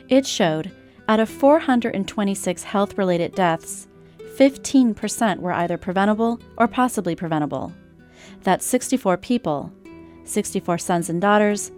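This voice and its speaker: A woman gives scripted news narration in a measured, sober way. Faint guitar music runs under her voice. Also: mid-range voice, darkish tone. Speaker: documentary narrator.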